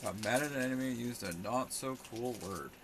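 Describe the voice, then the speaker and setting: A man's voice: medium pitch, moderate pace, noisy background. A young man rambling sarcastically on a casual live stream while he talks back to his chat.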